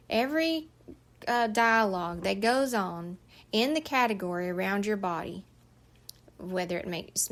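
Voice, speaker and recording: A middle-aged woman explains a journal exercise in a casual, instructive way. Her voice sits at an ordinary pitch with a gravelly, creaky texture. She talks directly and firmly, checking in often with the listener. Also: a bit bright. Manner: direct, firm and chatty, with frequent "okay?" checks. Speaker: journal author and life coach.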